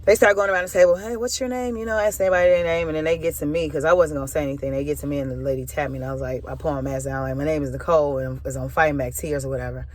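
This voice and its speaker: A woman's voice: low voice, fairly even intonation, rapid-fire, hardly any pauses. A woman speaking as a spoken word minister, telling a personal story in a loose, candid way with casual filler phrases. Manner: candid, emotional retelling.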